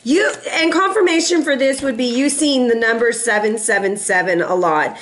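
A woman's voice: a little high, normal speed, a bit bright, a little hiss or hum. A woman doing a casual tarot reading in a sassy, playful way, laughing often and teasing her viewers. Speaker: tarot reader.

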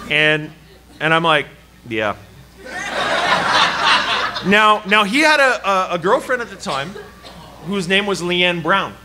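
A man preaching a sermon at a church service, telling a personal story in an animated, joking way. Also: fairly high pitch, a little slow, long pauses, noisy background. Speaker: pastor. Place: church service before a congregation. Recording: live church hall with crowd. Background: audience laughing and calling out.

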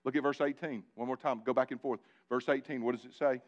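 A man preaching a live sermon in church, animated and joking with his congregation, calling on them directly. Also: mid-range voice, quick pace, highs cut off. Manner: animated, talks directly to the congregation with asides and jokes. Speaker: pastor. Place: church sanctuary before a congregation.

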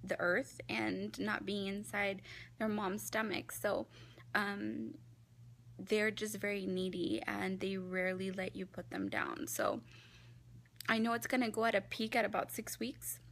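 Gravelly, bright-voiced tired mom vlogger. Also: female voice, medium pitch, animated, a little slow, slight background noise. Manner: chatty and candid, with many ums. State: tired from little sleep. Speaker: family vlogger, mother of a newborn. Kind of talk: casual vlog talk to camera.

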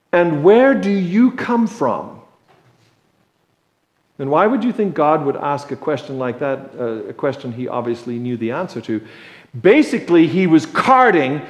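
A male preacher giving a sermon in a conversational, joking way, slow and deliberate, in a church. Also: fairly high pitch, expressive. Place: church sanctuary. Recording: echoey church sanctuary.

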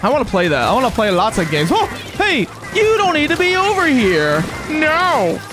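A game streamer giving excitable, chatty live commentary on a match and talking to viewers in chat. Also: sits high, normal speed. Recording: game music playing behind the voice.

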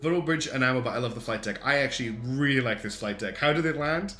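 A chatty man hosting a casual livestream, thinking out loud and often restarting his sentences. His voice sits at an ordinary pitch and sounds roomy, with faint guitar music playing underneath. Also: rapid-fire. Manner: chatty, thinks aloud with many ums and restarts. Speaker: streamer reviewing community game designs.

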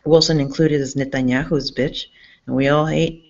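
A woman's voice: sits low, steady tone, moderate pace, a little mellow. A woman talking to her camera in a rambling, agitated monologue, swearing often and restarting her sentences, recorded indoors in a public campus building. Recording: dull lo-fi sound.

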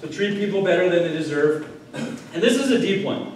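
A man's voice: high voice, lively intonation, moderate pace, a little hiss or hum. A male pastor preaching a sermon in a conversational way, tossing out rhetorical questions and checking in with "right?". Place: church sanctuary. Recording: echoey room heard from a distance.

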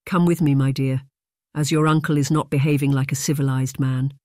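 A man's voice: medium pitch, level tone, brisk, darkish tone, no echo, clean studio sound, natural voice. A man reading an audiobook, voicing a dignified, protective aunt with a firm, harsh-toned manner. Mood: stern.

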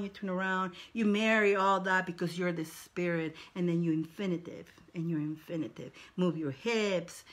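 A woman's voice: mid-range voice, pushed and bright. A woman leading a spiritual wand dance, calling out short encouraging cues and stretching her words as she guides the movements.

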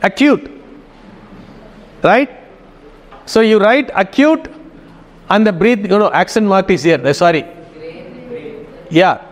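A man's voice: high-pitched, animated, slow pace, long pauses, long reverb tail. A man teaching a Greek class, giving instructions and often checking in with his students. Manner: instructive, keeps checking in with "okay?". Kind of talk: classroom lesson.

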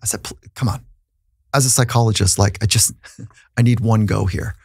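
A man's voice: fairly low pitch, steady tone, fairly quick, creaky, darkish tone, husky, no echo, clean studio sound. A man who is a psychologist, telling a personal story in an earnest, reflective way on a podcast, with frequent restarts.

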